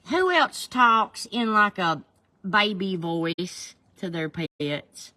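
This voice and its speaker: A woman's voice: medium pitch, lively intonation, takes it slowly, bright, forceful tone, dry recording. A woman chatting casually on a livestream, answering viewers by name in a folksy way. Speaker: livestream host. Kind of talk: casual livestream chat, reading viewer comments.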